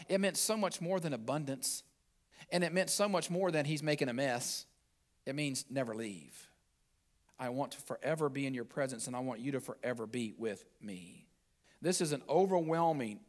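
A man preaching a sermon as pastor, emphatic, with conversational asides to the congregation and phrases that drop low at their ends. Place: church sanctuary.

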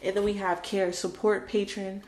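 A woman's voice: mid-range voice, flat delivery, normal speed, darkish tone. A woman giving a spoken tarot card reading, emotional and dramatic, repeating her phrases for emphasis. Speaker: tarot reader. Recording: roomy echo with faint background noise.

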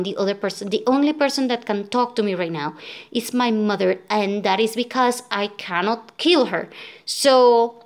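Exhausted woman vlogger, venting frustration in a rambling rant, mid-pitched voice. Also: moderate pace. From Venezuela. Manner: frustrated, venting, many fillers and restarts. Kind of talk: casual storytelling rant.

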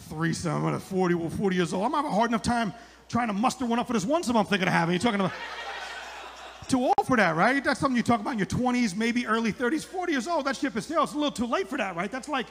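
A man in his forties doing a live stand-up routine, acting out characters in high put-on voices. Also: animated, rapid-fire, a bit bright, in a large hall. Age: 40s. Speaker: stand-up comedian. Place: outdoor comedy club stage.

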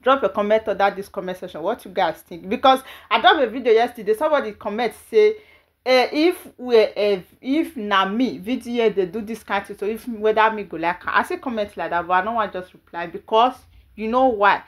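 A woman's voice: mid-range voice, a little fast. A woman with a Nigerian Pidgin accent hosts a commentary vlog, chatty and opinionated, with frequent hesitant fillers. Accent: Nigerian Pidgin English. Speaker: vlog host.

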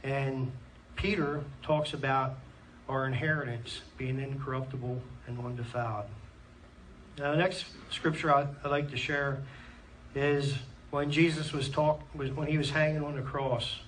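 A man's voice: medium pitch, fairly even intonation, a little slow, fairly bright tone. Earnest Pennsylvania man preaching, scripture and amens, distant mic in a church. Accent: Pennsylvania American. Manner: earnest, reads scripture aloud with frequent amens. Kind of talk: sermon. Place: church hall. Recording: distant mic in a church with faint room noise.

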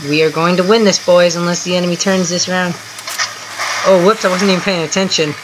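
A gameplay host giving casual, excitable running commentary from home while chatting with a teammate. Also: mid-range voice, brisk, noisy background. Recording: game music clearly heard underneath. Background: music from the game.

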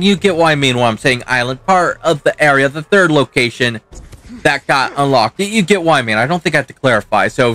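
A young man who hosts a gaming channel swears and rants through his own let's play, talking back to the game as he goes. His voice sits on the high side, bright and forceful, with no room sound.

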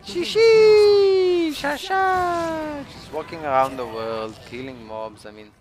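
A man with a non-native English accent streaming a game live, ranting and swearing excitedly as he plays. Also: on the low side, moderate pace, loud music behind the voice. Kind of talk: live gameplay commentary.

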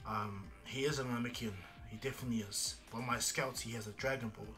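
A man voicing a big, gruff male warrior in a casual fan story retelling, speaking low and matter-of-factly. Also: fairly even intonation, fairly quick, sharp tone, soft background music, natural voice.

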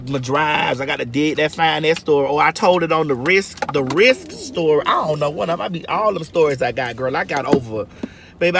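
A woman's voice: deep voice, a little hiss or hum. A woman telling stories in a casual vlog from a moving car, brassy and profane, calling her listeners girl and honey. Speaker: vlogger.

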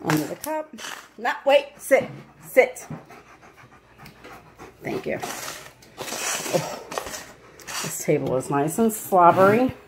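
A woman's voice: on the low side, big pitch swings, slow pace, long pauses, noisy background. A woman at home playfully giving her dog commands and encouragement during a game. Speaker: dog owner and channel host. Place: at home, at a table.

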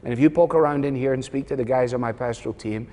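A male pastor preaching, telling a self-deprecating story with humor and acting out the dialogue in lively bursts. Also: quick pace, in a large hall. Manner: lively, rising to high animated bursts. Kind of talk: sermon.

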